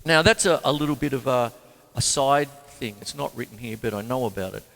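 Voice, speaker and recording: A man's voice: mid-range voice, brisk, gravelly, fairly bright tone, big-room sound. An Australian man, a drummer hosting a music show, explaining drum techniques in a chatty, rambling way with jokey asides. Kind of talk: casual music lesson.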